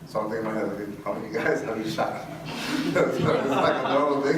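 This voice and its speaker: A man's voice: medium pitch, brisk, crowd noise. Man telling a story in an echoey hall. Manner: animated, acts out dialogue, laughs often. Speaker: guest speaker. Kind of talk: storytelling talk to a live audience. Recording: echoey hall from far off with room noise.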